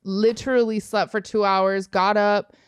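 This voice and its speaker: A young woman from Los Angeles, a guest on a podcast, tells a tour story in loose casual chat. She swears freely and laughs between lines. Her voice is smooth and clear, recorded close and dry. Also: medium pitch, flat delivery, unhurried, no room sound.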